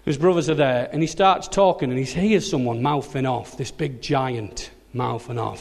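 A man's voice: medium pitch, moderate pace, gravelly, few pauses. Man preaching in an echoing hall. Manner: lively, joking storytelling. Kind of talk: sermon. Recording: long hall reverb.

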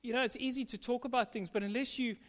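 A man with a strikingly high-pitched voice preaches a sermon in a church. He tells his story emphatically, slipping into lively acted dialogue. A long reverb from the hall trails each phrase. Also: fast. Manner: emphatic testimony, acting out quoted dialogue.

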